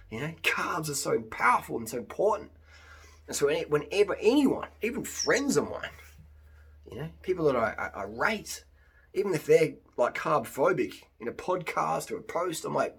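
A man with an Australian accent talking off the cuff to camera, lively and jumping into high mock voices when he imitates others. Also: moderate pace, slightly rough. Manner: animated, mimics others in high put-on voices. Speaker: vlogger. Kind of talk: unscripted monologue to camera.

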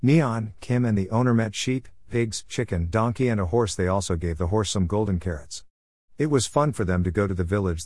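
Deep-voiced man reading a story aloud. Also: a little mellow, no echo, studio quality. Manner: halting reading with small restarts.

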